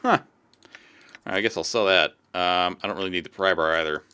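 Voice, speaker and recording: A man's voice: low voice, fairly quick, pushed and bright, clean tone. A man casually commenting on a game as he plays and reads its text aloud. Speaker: game streamer.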